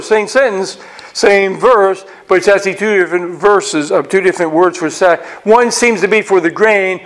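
A man teaching a Bible passage verse by verse, animated and acting out the characters' reactions, often restarting his words. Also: sits high. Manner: frequent restarts and repeated words.

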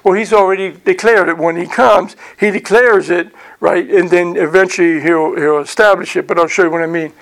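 A middle-aged man teaching a sermon as pastor, talking conversationally with frequent "right?" asides and reading scripture aloud slowly. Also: high-pitched, steady tone.

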